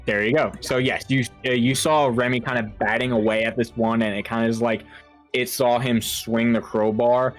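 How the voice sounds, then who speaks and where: A man running a tabletop horror game as game master, talking in a halting way with lots of fillers and restarts. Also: mid-range voice, steady tone, soft background music.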